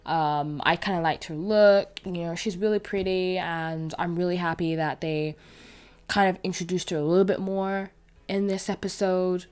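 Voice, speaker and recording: A woman's voice: lowish voice, normal speed, smooth. Chatty young woman reviewing a cartoon. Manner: chatty and animated, with many fillers and restarts. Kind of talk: casual spoken episode review.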